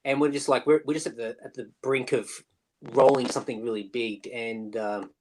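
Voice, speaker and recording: A man's voice: mid-range voice, steady tone, moderate pace, darkish tone, slight background noise, rough recording. A man, a band member, chatting casually in an interview over a video call, with many fillers and restarts. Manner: chatty, lots of fillers and restarts, mimics bandmate. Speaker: musician guest.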